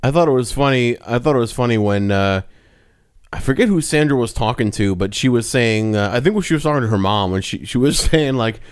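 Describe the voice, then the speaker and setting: A man co-hosting a podcast in casual chat, relaxed and hesitant, with many fillers. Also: medium pitch, brisk, clear, resonant tone. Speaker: podcast co-host.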